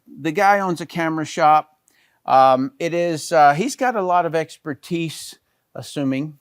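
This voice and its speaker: A middle-aged man walks through business models in a relaxed teaching talk, often pausing to check in with his listeners. His voice is smooth and resonant, sitting a little high for a man. The sound is dry and close, with no room around it. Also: no echo. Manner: conversational, with frequent "okay" and "all right" check-ins. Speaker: business educator. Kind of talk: explanatory talk over slides.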